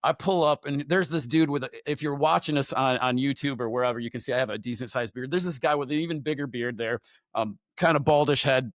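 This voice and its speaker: A man guest on a faith podcast, telling a personal story in a candid, animated way, often repeating words and restarting. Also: mid-range voice, fast talker, no room sound. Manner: animated storyteller who acts out his own thoughts.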